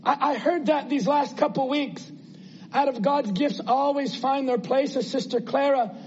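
A man's voice: extremely high pitch, moderate pace, lo-fi sound, a little hiss or hum. A man preaching a sermon in an earnest, conversational way, asking his listeners rhetorical questions.

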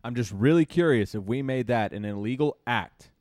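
A man's voice: medium pitch, animated, moderate pace, a little mellow, no room sound, studio quality. A man co-hosting a podcast, talking casually and getting heated, ranting and swearing freely. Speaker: podcast co-host. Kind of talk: casual chat.

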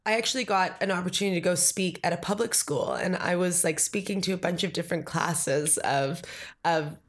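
Speaking briskly in a lowish voice, a Green Party candidate in her thirties chats through a conversational interview, leaning on fillers and acting out quotes.

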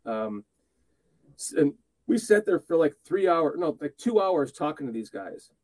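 A man's voice: on the high side, very animated, measured pace, darkish tone, no echo. A man co-hosting a casual chat show, telling stories in a chatty way. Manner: chatty storyteller. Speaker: podcast co-host.

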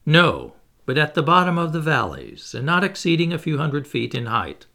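Stubborn heckler, pushy and doubting, read by a man, gravelly and lively, pitched a touch higher. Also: moderate pace, heavily acted. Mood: insistent. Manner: challenging, insistent questions. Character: hostile skeptical male heckler, stubborn.

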